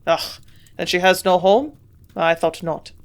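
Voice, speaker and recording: Speaking in a lowish voice at a measured pace, a woman with a shrewd air acts out a gruff, elderly German scientist, a man with a thick German accent whose lines she grunts more loudly than her narration.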